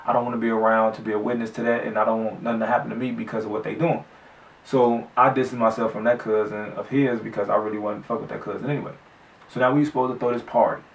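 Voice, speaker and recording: A gravelly male vlogger telling a story off the cuff, slangy and profane, often restarting his sentences. He sits some way back from the mic in an echoey room. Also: fairly low pitch, flat delivery, quick pace, far from the mic. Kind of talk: casual storytelling.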